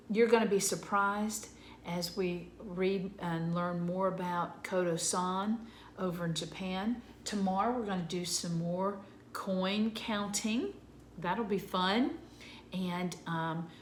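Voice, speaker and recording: A woman teacher sounding out letters slowly and patiently for young children in an early reading lesson. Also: medium pitch, reverberant, a little hiss or hum.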